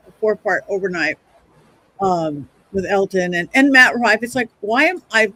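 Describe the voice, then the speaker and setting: A middle-aged woman and psychic medium, telling stories on a podcast in a chatty, animated way, often restarting her sentences. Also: medium pitch, normal speed, dry recording. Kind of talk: casual podcast storytelling.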